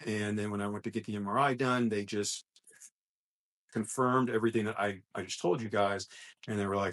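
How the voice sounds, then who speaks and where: A man's voice: lowish voice, steady tone, fairly quick, a bit bright. A man co-hosting a gym podcast, talking in an earnest, motivational way and often restarting his sentences as he thinks aloud. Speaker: gym coach and podcast co-host. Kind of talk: casual podcast chat.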